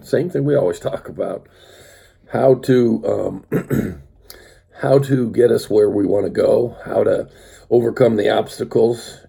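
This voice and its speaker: A man's voice: on the low side, gravelly, warm tone, breathy edge. An older man reading a children's story aloud, then talking unhurriedly with many fillers. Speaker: speaker reading a story to his grandchild.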